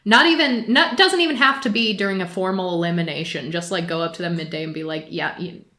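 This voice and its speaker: A woman's voice: fairly low pitch, fast, sharp tone, reverberant. A woman co-hosting a podcast, talking casually and animatedly with exasperation and frequent laughs. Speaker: podcast co-host.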